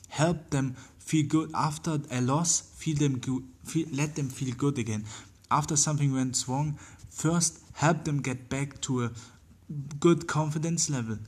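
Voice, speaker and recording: A man with a slightly husky voice speaks at a mid pitch. He hosts his own podcast, pressing the same point again and again with "like" and "you know" as he hunts for words. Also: a little mellow. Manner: earnest, repetitive, many fillers and restarts. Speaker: podcast host. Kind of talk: casual motivational monologue.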